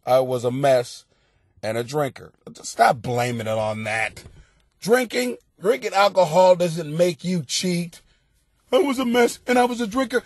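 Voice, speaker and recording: A middle-aged man hosting a comedic advice podcast, rowdy and profane, often breaking into loud laughter. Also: on the high side, dry recording. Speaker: podcast host giving advice.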